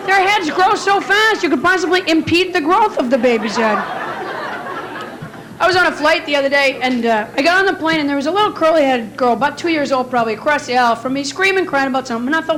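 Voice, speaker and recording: A woman's voice: high-pitched, lively intonation, fast talker, a bit bright. A woman doing stand-up and emceeing on a club stage, chatting directly with the audience. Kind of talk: stand-up comedy set. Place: comedy club stage before a laughing audience. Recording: live club recording with crowd noise.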